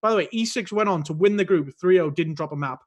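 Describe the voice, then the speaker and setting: High-voiced man telling heated stories. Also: fast talker. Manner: swears freely, tells stories heatedly. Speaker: podcast guest, esports player. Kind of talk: casual podcast chat.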